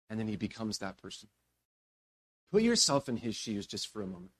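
A male pastor giving a sermon with animated storytelling, swinging between emphatic bursts and hushed passages. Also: fairly low pitch, a little fast, vocal fry, husky.

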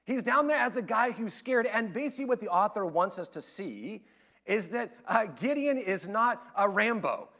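A man preaching a sermon, telling stories in an animated way and acting out the voices he quotes. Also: sits high, normal speed. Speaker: pastor.

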